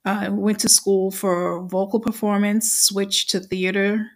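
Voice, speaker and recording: A woman's voice: mid-range voice, flat delivery, takes it slowly. A woman with a New York accent hosting a podcast interview, chatty and enthusiastic with frequent fillers. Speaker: podcast host.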